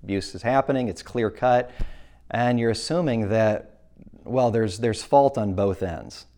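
A man's voice: mid-range voice, mellow. A man giving a church presentation to an audience, speaking earnestly and plainly, often correcting himself mid-sentence. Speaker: speaker at a church talk on abuse.

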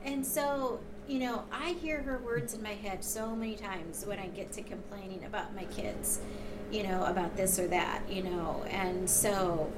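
A woman sharing in a casual Bible study group discussion, talking in a rambling, halting way full of fillers. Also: mid-range voice, steady tone. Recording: distant mic with loud background noise.

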